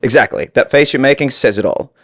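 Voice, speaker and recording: An American man with an Australian-tinged accent, telling stories as a podcast guest in an animated, laughing way. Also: mid-range voice, fast, dry recording, studio quality. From United States. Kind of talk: casual storytelling.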